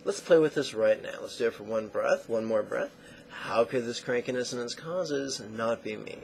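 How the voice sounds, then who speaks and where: A man teaching a guided meditation lesson in slow, deliberate phrases that trail off into soft near-whispers. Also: mid-range voice, vocal fry, slight background noise, rough recording.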